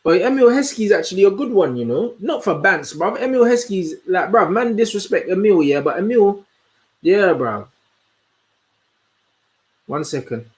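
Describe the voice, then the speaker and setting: A young man, hosting a casual livestream and chatting in an animated, slangy way as he answers comments. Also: high voice. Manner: slangy, animated, answers chat with quick asides. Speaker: host.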